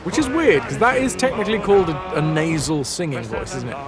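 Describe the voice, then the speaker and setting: A man's voice: on the high side, animated, fairly quick. A man chatting playfully and rambling through a live game stream, answering his chat as he plays. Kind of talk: casual live-stream chat while gaming. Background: game music.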